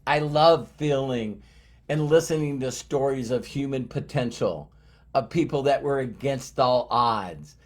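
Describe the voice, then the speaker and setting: A middle-aged man with a medium-pitched voice and measured pace gives an emphatic motivational talk to his team. As a motivational speaker, he repeats key phrases for effect.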